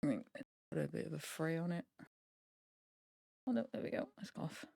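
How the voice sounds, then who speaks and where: A woman streamer muttering her way through a sewing project in chatty self-talk, with the odd mild swear. Her voice sits a little low. The sound is dry and close, from a desk microphone. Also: lively intonation, brisk, creaky, mellow, husky, dry recording. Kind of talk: casual chat while sewing on a live stream.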